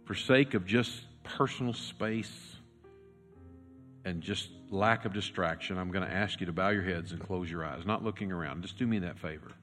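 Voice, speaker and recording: Lower-voiced male pastor in a reverberant church. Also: moderate pace. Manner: storytelling with dramatic swings from loud to hushed. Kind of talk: sermon. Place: church sanctuary. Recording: long reverb with faint music.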